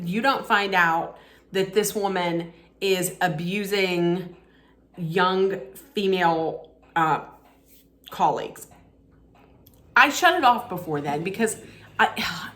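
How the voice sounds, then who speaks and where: Slow-talking blunt woman vlogger. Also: medium pitch, fairly bright tone. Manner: blunt, frank, laughs and restarts often. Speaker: vlogger giving mock movie awards. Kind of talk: casual opinionated vlog talk.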